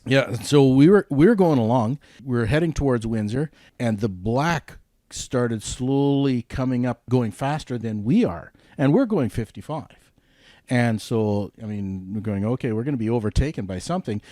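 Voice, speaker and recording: A male trucker telling a road story in casual chat, animated and rising sharply in pitch when excited. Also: measured pace, dry recording, studio quality. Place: studio table.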